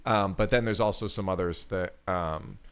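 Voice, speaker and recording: A man's voice: deep voice, normal speed, a bit bright, smooth. A man hosting a podcast, chatting casually with many fillers and restarts. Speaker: podcast host. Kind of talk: casual chat.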